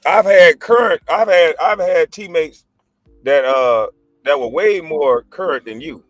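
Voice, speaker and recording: A former pro basketball player in his forties who now hosts a livestream rants with heat and profanity, mocking others and laughing with scorn. His voice sits on the high side and moves a little slowly, recorded with no echo.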